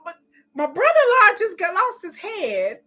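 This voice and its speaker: A woman streamer reacting live to a TV episode, excitable and quick to laugh, swearing and acting out the characters. Her voice is very high and bright, with a lively, swooping pitch. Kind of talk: live watch-along reaction.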